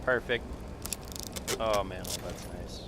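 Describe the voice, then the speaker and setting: A man live-streaming a game, chatting casually with viewers, excitable and quick to swear. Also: lowish voice, noisy background. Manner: excitable, swears freely, talks to chat. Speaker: gaming streamer.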